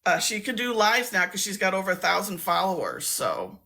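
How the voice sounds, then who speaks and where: Chatty woman on a live stream, bright crisp voice, rambles and laughs a lot. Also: mid-range voice, wildly swooping pitch, normal speed. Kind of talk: casual live-stream chat.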